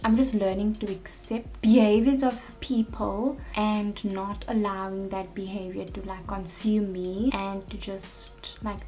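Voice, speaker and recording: A young woman vlogging casually while getting ready at home, chatty, and her voice turns animated now and then. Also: mid-range voice. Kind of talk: casual get-ready-with-me chat.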